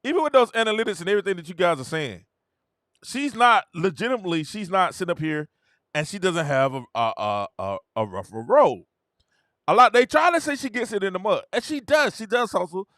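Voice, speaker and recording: Dude riffing on sports, laughs a lot, lively bright voice, dry close mic. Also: male voice, fairly quick, no room sound. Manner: laughing often, mocking quotes with sudden high-pitched outbursts. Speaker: podcast host. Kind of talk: casual sports commentary monologue.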